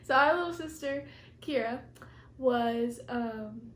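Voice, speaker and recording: High-voiced young woman in an echoey room. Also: slow pace, slight background noise. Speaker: vlogger, co-host. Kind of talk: casual storytelling. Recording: roomy echo.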